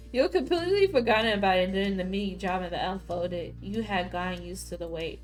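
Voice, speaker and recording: A woman's voice: on the low side, brisk, hardly any pauses, faint music behind. Rowdy woman streamer reading a game. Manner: loud, profane, excitable outbursts between plain reading. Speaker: gaming streamer. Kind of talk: reading a story game aloud with reactions.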